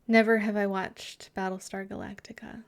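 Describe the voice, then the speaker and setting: A woman's voice: medium pitch, level tone, moderate pace. A woman streamer in casual live chat with her viewers, chatty and giggly, sometimes muttering asides to herself.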